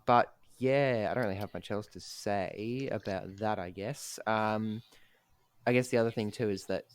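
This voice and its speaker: A young man with a fairly low, clean-toned voice co-hosts a podcast. He chats casually in a laid-back, self-deprecating way, his speech full of ums.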